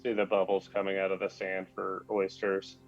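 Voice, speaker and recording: A man narrating as game master in a relaxed, jokey way. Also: low-pitched, moderate pace, lo-fi sound, faint music behind.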